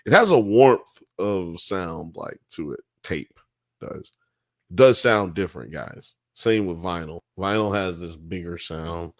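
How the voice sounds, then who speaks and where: A man's voice: sits low, slow pace, no echo. A man hosting a live podcast, chatting casually with jokes and swearing. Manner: loose, joking, profane banter. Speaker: podcast host. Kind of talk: casual live-stream chat.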